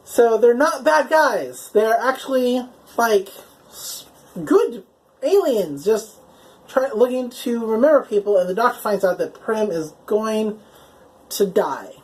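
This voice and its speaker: A woman's voice: a little high, lively intonation, takes it slowly, a little mellow, poor audio. Chatty woman recapping a TV episode. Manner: chatty, heavy use of "like" and "um" fillers; enthusiastic, openly emotional. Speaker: TV episode reviewer. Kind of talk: casual spoken episode recap.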